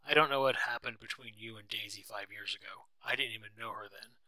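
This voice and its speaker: A man reading the part of a brash, quick-tempered wealthy husband who shouts when angry. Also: fairly low pitch.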